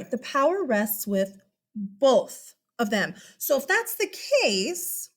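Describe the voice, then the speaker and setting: A woman teaching a history lesson in a casual, chatty way, asking rhetorical questions and calling her listeners guys. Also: fairly high pitch. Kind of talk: casual classroom lecture.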